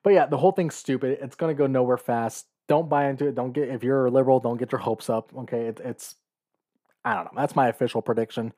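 Speaking quickly in a steady, dark, medium-pitched tone, a podcast host from California offers blunt, sarcastic takes. It's a casual monologue, and he laughs while reading.

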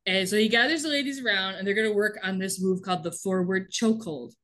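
A woman's voice: medium pitch, fast, fairly bright tone. A woman co-hosting a casual chat, retelling a TV episode in a chatty way and acting out the lines. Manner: chatty storytelling, acts out quotes with laughs. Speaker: podcast co-host recapping a TV episode.

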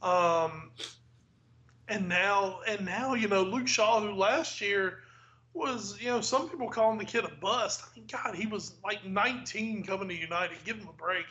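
Male podcast co-host, high bright voice, hedging takes, muffled lo-fi sound. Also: unhurried. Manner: thoughtful, hedging opinions with fillers. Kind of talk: casual sports podcast chat. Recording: dull lo-fi mic with faint hiss.

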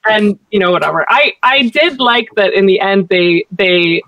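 Animated woman, set back from the mic. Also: mid-range voice, normal speed, no echo, far from the mic, lo-fi sound. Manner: animated, acts out characters' lines in exaggerated voices. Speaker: podcast co-host. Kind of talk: casual chat.

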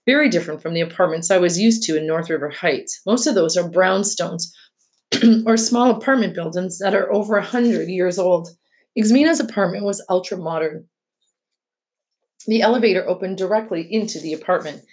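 A woman's voice: on the low side, normal speed, a little mellow. A woman reading a children's novel aloud, narrating steadily and stopping for short explanatory asides. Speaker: read-aloud host.

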